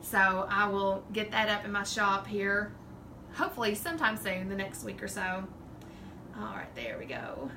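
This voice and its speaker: A woman's voice: medium pitch, animated, normal speed, background noise. A woman with a Southern drawl chatting casually and rambling as the host of a home craft livestream. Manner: chatty, rambling, laughs often. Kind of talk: casual live-stream chat.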